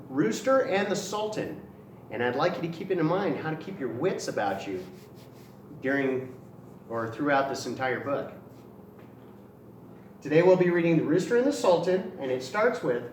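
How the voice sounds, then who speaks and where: A man reading a children's story aloud with lively, expressive storytelling. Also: on the high side, moderate pace. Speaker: storybook reader for a kids' outreach channel. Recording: roomy echo, distant mic, faint noise.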